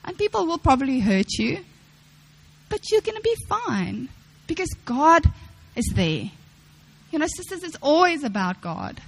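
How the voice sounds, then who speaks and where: A woman's voice: high voice, very animated, a little slow, creaky, low-quality recording. A young woman preaching a sermon to women, earnest, repeating phrases and acting out quotes.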